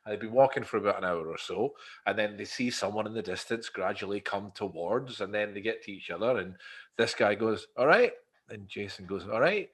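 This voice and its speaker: A man's voice: fairly low pitch, slightly rough. A man hosting a casual interview chat, easygoing and jokey, laughing often. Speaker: host.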